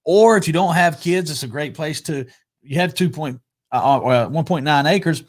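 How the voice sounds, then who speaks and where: A man's voice: fairly high pitch, moderate pace. A man hosting a casual talk show, chatty, often restarting and repeating his words. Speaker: podcast host. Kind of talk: casual chat.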